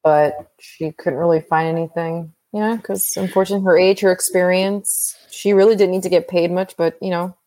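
A woman's voice: fairly low pitch, steady tone, a little fast, hardly any pauses, warm tone. A young woman in casual group chat, talking earnestly about her family.

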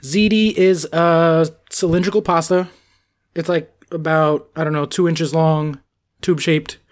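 Man, fairly high voice, animated podcast chat, laughs a lot, swears. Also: unhurried. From New York.

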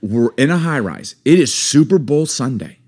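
A middle-aged man co-hosting a casual chat, telling stories and acting out quotes with big jumps in voice. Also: normal speed. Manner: animated, acts out quotes with big pitch jumps. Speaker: podcast co-host.

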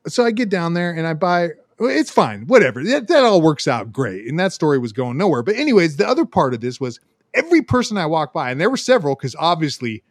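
Male co-host, raised voice, very lively delivery, profane storyteller who does the voices himself. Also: on the high side, fast, dry recording, studio quality. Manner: profane, animated, acts out voices in his stories. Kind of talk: casual storytelling chat.

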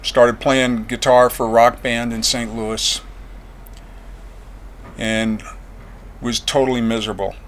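Plain-spoken guy giving his testimony, mid pitch, gets quiet on the painful stuff. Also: level tone, slow pace, long pauses. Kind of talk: personal testimony storytelling.

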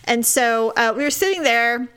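Animated woman telling a story. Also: on the high side, normal speed, clear, resonant tone. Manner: animated storytelling, laughs often. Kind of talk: casual chat.

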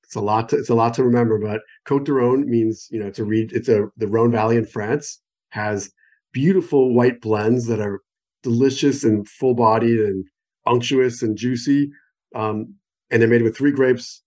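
Speaking at a normal speed with a mid-range, fairly even, slightly mellow voice, this American man is a wine expert on a phone call. He gives a conversational interview explanation, enthusiastic and wandering, full of examples.

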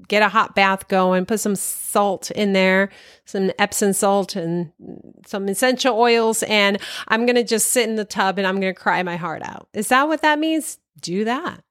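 A woman's voice: mid-range voice, dry recording. Woman, casual self-care advice, encouraging, light laughs, dry close sound. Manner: warm encouraging, laughs often, addresses listener directly.

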